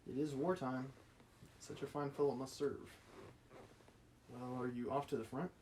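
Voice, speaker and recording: A man's voice: mid-range voice, fairly even intonation, a little slow, mellow, a little hiss or hum, natural voice, low-quality recording. A man reading the part of a stern, domineering old prince, brusque and scolding. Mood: probing.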